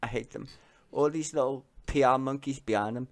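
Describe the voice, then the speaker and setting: A man's voice: mid-range voice, fairly quick. A young man ranting bluntly about politics while reacting to clips, sweary and sarcastic. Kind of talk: casual profane rant.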